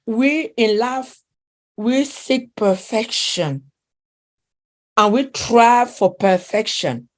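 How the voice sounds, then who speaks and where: A woman's voice: fairly high pitch, drawn-out words, long pauses. A middle-aged woman with a non-native English accent, a relationship coach talking in an interview, earnest and emphatic, repeating herself and searching for words. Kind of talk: interview conversation.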